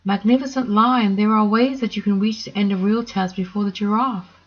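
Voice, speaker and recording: A woman's voice: mid-range voice, fairly even intonation, fairly quick, dull audio, natural voice. A woman voicing a helpful little mouse who speaks eagerly.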